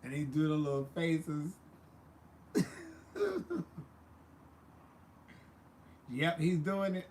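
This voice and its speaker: A man's voice: on the high side, huge pitch swings, drawn-out words, pauses often, a little mellow, slight background noise. A man hosting a casual livestream, chatting sassily with viewers and calling them baby and honey. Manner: sassy, chatty, calls people baby and honey. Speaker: livestream host.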